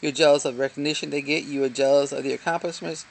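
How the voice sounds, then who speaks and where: A woman's voice: sits low, steady tone, quick pace, gravelly, a little hiss or hum. Earnest woman giving a self-help talk. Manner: earnest, encouraging, with frequent ums and asides. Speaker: motivational self-help speaker. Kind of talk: motivational talk to camera, reading from a book. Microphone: self-filmed, camera held in hand at arm's length.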